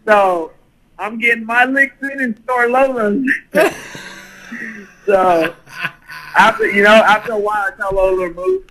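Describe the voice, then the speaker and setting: A man's voice: sits high, animated, measured pace, long pauses, bright, forceful tone, low-quality recording. A man telling a crude, profane party story in casual talk, full of swearing and laughter. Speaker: guest storyteller.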